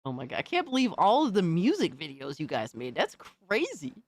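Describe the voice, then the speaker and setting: Speaking briskly in a fairly low voice whose pitch swoops wildly, a woman hosts a casual stream reacting to viewer videos. Her outrage is all for show, peppered with swearing, slangy side comments and "bro" aimed at everyone.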